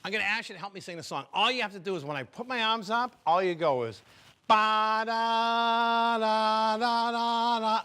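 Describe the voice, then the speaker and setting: Older man, stand-up comedian, rambling joke teller, bright tone, a bit high. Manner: rambling, stumbling, chatty joke telling. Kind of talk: stand-up comedy set to a live audience.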